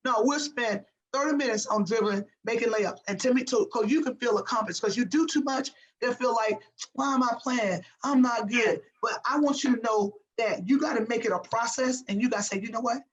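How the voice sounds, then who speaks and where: A woman's voice: on the high side, fairly quick, few pauses, muffled recording. A woman guest speaking as a basketball coach, emphatic and motivational, repeating phrases for effect. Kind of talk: motivational interview talk.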